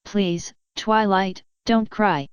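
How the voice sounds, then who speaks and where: A woman's voice: medium pitch, extremely slow, smooth, no echo, lo-fi sound. A woman voicing an ancient pony princess, a former warrior turned mentor, who speaks in a formal, commanding way. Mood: soothing.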